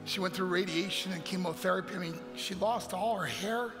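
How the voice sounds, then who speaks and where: This guest speaker's high-pitched voice moves fairly quickly as he delivers a heartfelt, emotional motivational talk. The setting is a church sanctuary, captured with long hall reverb and some faint music behind him.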